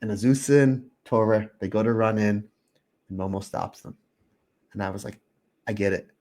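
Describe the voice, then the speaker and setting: Excitable man on a podcast. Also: on the low side, normal speed. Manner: excited, acts out his own reactions; openly emotional. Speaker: podcast co-host. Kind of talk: casual podcast chat.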